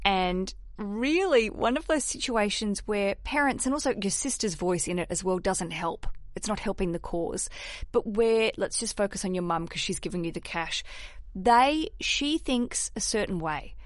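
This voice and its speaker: A woman's voice: mid-range voice, normal speed, no echo. Candid woman podcast host, dry sound. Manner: animated and candid, swears freely, laughs at herself. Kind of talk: casual advice chat.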